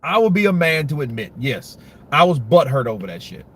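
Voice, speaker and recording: A man's voice: on the high side, sing-song, a little fast, a bit bright, breathy edge. A man giving casual, rambling boxing commentary, full of profanity and restarts.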